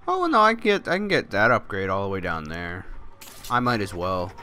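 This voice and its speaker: Excitable young man playing a game. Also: on the low side, moderate pace, clear, resonant tone. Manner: excitable, swears, talks to the game. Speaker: gameplay commentator. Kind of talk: casual let's play commentary. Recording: game music behind the voice. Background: game music.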